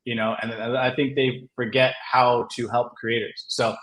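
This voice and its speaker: A man's voice: medium pitch, little pitch movement, normal speed, fairly bright tone. A man, a comic writer and guest, telling a story in a casual, rambling way, filling it with "like" and laughing often. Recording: roomy echo.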